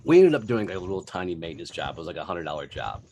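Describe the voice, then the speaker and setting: A man in his forties with a drawl tells stories in a lowish voice. He swears casually and brings the dialogue to life, switching between the people in his tale. His delivery is loose and animated. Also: very fast, slight background noise. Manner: profane, animated storyteller who acts out dialogue. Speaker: podcast guest, business founder. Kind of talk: casual storytelling.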